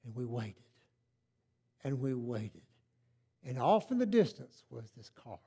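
An older man telling his testimony in a sermon, moving from hushed storytelling to loud, fervent praise. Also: mid-range voice, big pitch swings, a little slow, gravelly, breathy edge. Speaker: preacher.

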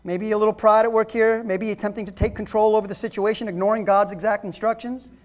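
A man's voice: high voice, level tone, quick pace. An emphatic male preacher delivering a sermon to his congregation. He hammers his points home in short phrases and calls out to the listeners as folks.

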